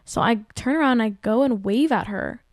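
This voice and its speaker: A woman in her twenties hosting a podcast, telling a work story in casual chat, venting and animated with lots of "like". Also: on the high side, moderate pace, no room sound, studio quality. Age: 20s. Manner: venting, animated, heavy use of "like". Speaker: podcast host.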